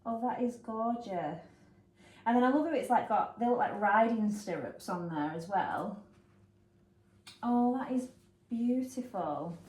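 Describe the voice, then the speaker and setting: A woman's voice: a little high, animated, unhurried, long pauses, darkish tone. Gushing woman in an echoey room. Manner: bubbly, gushing, giggly. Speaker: lifestyle vlogger. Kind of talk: casual chatty unboxing vlog.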